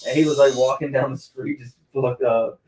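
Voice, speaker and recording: A man's voice: mid-range voice, normal speed. A man in a tattoo shop chatting casually and retelling comedy scenes with energy. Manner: animated storyteller who acts out the scenes. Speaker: tattoo artist. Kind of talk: casual chat while tattooing. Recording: echoey room, mic far off.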